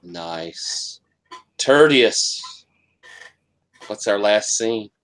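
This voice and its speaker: A man narrating a tabletop game as game master, halting with many fillers and restarts. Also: lowish voice, lively intonation, fairly bright tone, clear, resonant tone.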